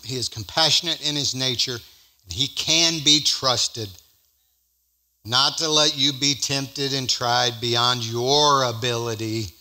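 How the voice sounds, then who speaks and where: A man preaching a sermon as pastor at a church service, swinging from loud emphatic peaks to slow, drawn-out scripture reading. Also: mid-range voice.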